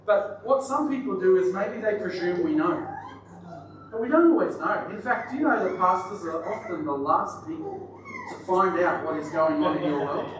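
A man's voice: high voice, animated, normal speed. A male pastor preaching a sermon, chatty and joking with the congregation. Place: church hall. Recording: very echoey hall, distant mic, audible noise.

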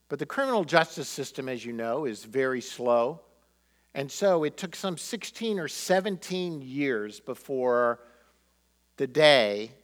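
A pastor preaching a sermon, telling a story and acting out the quotes with feeling. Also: male voice, mid-range voice, fairly bright tone.

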